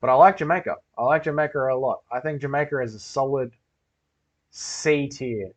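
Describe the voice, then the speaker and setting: A man's voice: medium pitch, normal speed. A man hosting a casual livestream, reading comments and rambling with lots of swearing. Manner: loose, rambling, swears a lot. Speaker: livestream host. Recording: dull lo-fi stream audio.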